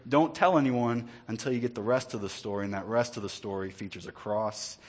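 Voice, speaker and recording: A man's voice: fairly low pitch, fairly even intonation, fairly quick, a little mellow. A male pastor, preaching in a conversational way with joking asides and repeated words. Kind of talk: sermon.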